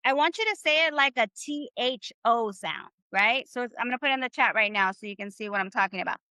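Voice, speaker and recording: A Spanish teacher with a high, bright, clean voice leads a live online class, upbeat and encouraging as she drills phrases with the group. She speaks quickly, and the sound is dry and close with no room echo.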